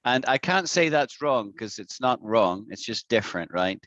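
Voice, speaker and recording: A man's voice: mid-range voice, lively intonation, moderate pace, a bit bright, no room sound, dull audio. A man with an Irish accent teaching an online English lesson over a video call, patiently repeating words to demonstrate them. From Ireland.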